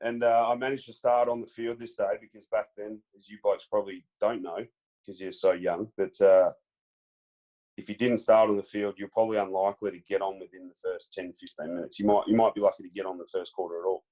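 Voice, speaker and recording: A man with an Australian accent, a former footballer telling stories as a podcast guest in a relaxed way, with lots of fillers. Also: on the low side, brisk. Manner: laid-back storyteller, many fillers, acts out quotes. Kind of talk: casual storytelling chat.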